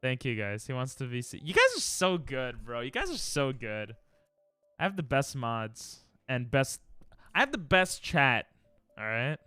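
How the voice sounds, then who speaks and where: A man streaming live, chatting casually and playfully with his viewers, with sudden loud bursts. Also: medium pitch, huge pitch swings, a little slow, smooth, no room sound, faint music behind. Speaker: livestreamer.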